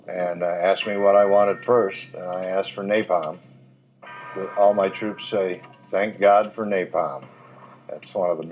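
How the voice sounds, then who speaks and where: An older man, a military veteran, recounting combat in an interview, plainspoken and halting with fillers and dry humor. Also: low voice, a little mellow, poor audio. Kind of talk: interview recollection.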